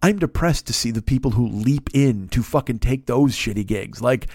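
A man's voice: medium pitch, moderate pace, darkish tone, dry recording, clean studio sound. A man, a comedian hosting a podcast, ranting casually and profanely while acting out quotes.

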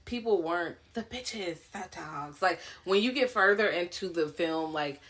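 A young adult woman co-hosting a podcast, chatting frankly and profanely while telling animated stories. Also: fairly low pitch, a little slow. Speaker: podcast co-host. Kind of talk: casual chat.

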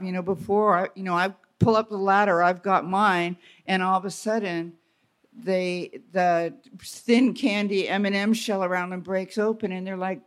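A woman guest on a live retreat stage, talking in a chatty, wry way with quick asides. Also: mid-range voice. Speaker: guest writer. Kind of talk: casual conversation.

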